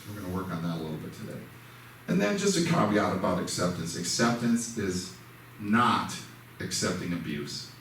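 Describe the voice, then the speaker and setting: A man with a low, fairly bright, very animated voice tells personal stories at a moderate pace during a casual church lesson. He's conversational, self-mocking, and acts out dialogue. The recording is echoey, with a far-off mic and faint noise in the sanctuary.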